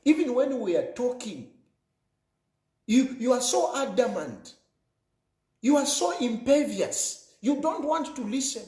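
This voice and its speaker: A man's voice: very high-pitched, big pitch swings, unhurried, long pauses, dark tone, reverberant. A Zambian man delivering an emphatic political monologue, repeating phrases for effect in an accusing tone. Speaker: political commentator.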